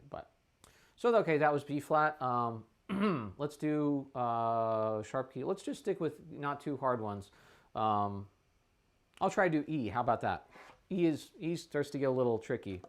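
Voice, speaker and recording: A man teaching a trumpet warm-up in a practice room, talking casually, thinking aloud with fillers and the odd cleared throat. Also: mid-range voice. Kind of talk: casual instructional talk.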